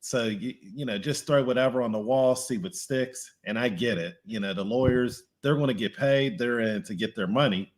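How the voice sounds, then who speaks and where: A man's voice: mid-range voice, normal speed, hardly any pauses. Easygoing man in casual chat. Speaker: podcast co-host.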